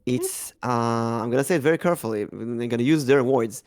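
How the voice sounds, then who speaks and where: A young man with an Israeli-accented English, hosting a relaxed podcast conversation. His pitch sits in an ordinary middle range, and he speaks thoughtfully, pausing often with ums and restarts. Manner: thoughtful, hesitant, many ums. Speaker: podcast host. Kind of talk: casual podcast chat.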